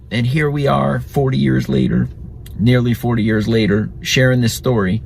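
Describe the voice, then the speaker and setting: A man's voice: mid-range voice, little pitch movement, moderate pace, creaky, a little hiss or hum. A man hosting a podcast, telling a family story in a chatty, reflective way and laughing now and then. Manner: chatty, reflective, laughs at his own stories. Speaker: podcast host.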